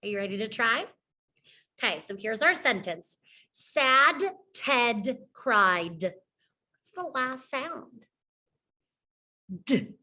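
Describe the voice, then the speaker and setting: A woman teaching young children a phonics lesson, slowly sounding out letters and praising often. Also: fairly high pitch, big pitch swings, sharp tone.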